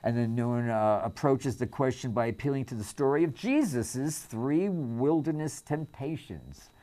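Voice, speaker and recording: A man's voice: medium pitch, measured pace, warm tone. A man reading a text aloud as host, breaking off often with fillers, restarts and his own remarks. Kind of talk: casual spoken commentary on a reading.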